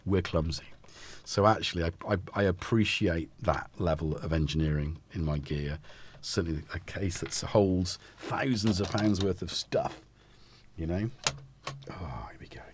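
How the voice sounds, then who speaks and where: A man's voice: low-pitched, normal speed, a little hiss or hum. A man hosting a casual live stream, talking in a rambling, self-interrupting way while he fits synth modules into a case. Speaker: host.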